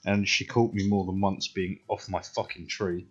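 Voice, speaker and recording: A man's voice: deep voice, steady tone, normal speed, husky. A British man in his thirties, a streamer rambling through profane personal stories and checking in with "right?" all the time. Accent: British English. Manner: rambling, heavily profane, says "right?" a lot. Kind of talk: casual storytelling while gaming. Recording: dull stream audio, faint music.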